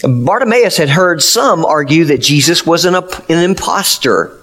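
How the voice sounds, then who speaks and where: A man's voice: on the high side, animated, measured pace, fairly bright tone. A man pastor preaching a sermon, retelling a story earnestly with emphatic, plain-spoken applications.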